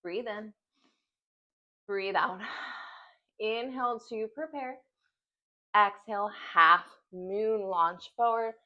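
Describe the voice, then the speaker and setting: A woman's voice: mid-range voice, slow, long pauses, highs cut off. A woman leading a yoga class at home, giving short breath-paced cues while doing the poses and getting out of breath. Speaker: yoga instructor.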